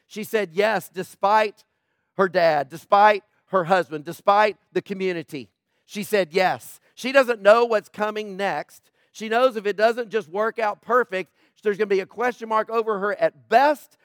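A man's voice: high voice, moderate pace, no room sound, studio quality. A man preaching a sermon in a conversational way, joking with people in the congregation. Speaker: pastor.

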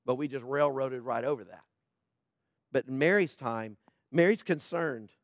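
A man's voice: mid-range voice, normal speed, no echo, clean studio sound. A man preaching a sermon in a conversational way, joking with people in the congregation. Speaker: pastor.

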